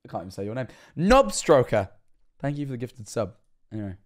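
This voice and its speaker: A young man, streaming casual reaction commentary and often laughing, excitable and swearing. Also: lowish voice, racing.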